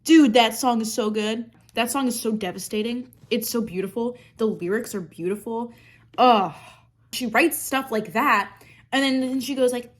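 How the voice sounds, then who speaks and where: At a normal speed and a slightly high pitch, a makeup vlogger with a fairly bright tone rambles sarcastically through her get-ready-with-me routine. She swears freely as she chats.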